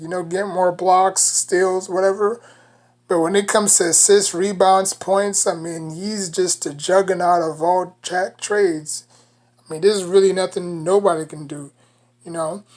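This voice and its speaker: A woman with a New York accent giving casual basketball commentary as a sports vlogger, rambling and leaning on "you know" between thoughts. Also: fairly low pitch.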